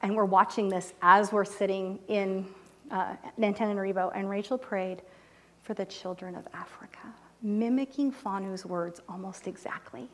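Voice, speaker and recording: A woman telling a mission story in a sermon, animated and emotional, dropping to near-whispers when moved. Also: medium pitch, normal speed. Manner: animated storytelling, voices quoted people, drops to soft near-whispers; emotional, close to tears. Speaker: church speaker reporting on mission trip. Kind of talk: sermon testimony.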